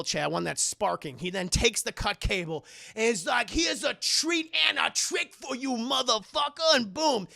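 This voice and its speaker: A young man streamer giving a profane, animated comedic movie recap to his chat, often laughing. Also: sits high, creaky.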